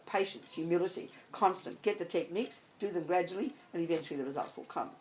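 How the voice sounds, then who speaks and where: A woman's voice: lowish voice, animated, quick pace, few pauses, a little hiss or hum, poor audio. A woman, a Buddhist nun, giving an emphatic, blunt dharma talk to a group. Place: meditation centre hall.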